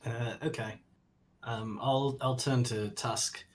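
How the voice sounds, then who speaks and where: A man playing a tabletop game who talks in halting, hesitant bits. His pitch is middling, and faint noise hums behind him. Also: steady tone. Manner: hesitant, listing points. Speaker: player.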